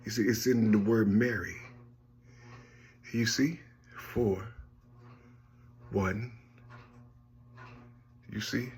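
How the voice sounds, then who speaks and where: A man in a rambling personal monologue, halting and repetitive, often asking "you see?" and trailing off softly. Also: lowish voice, steady tone, a little hiss or hum. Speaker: speaker sharing personal visions.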